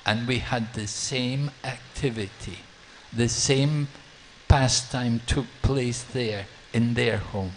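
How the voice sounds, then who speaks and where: A man's voice: mid-range voice, takes it slowly, a little hiss or hum, voice pushed down, lightly acted, low-quality recording. A man voicing a mischievous boy who questions a priest and then confides a secret, in a storytelling talk. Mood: confiding.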